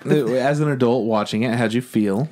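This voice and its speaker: A man's voice: mid-range voice, normal speed, a little mellow. A man co-hosting a podcast in casual chat, laid-back, tossing in dry jokes and casual swearing. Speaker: podcast co-host.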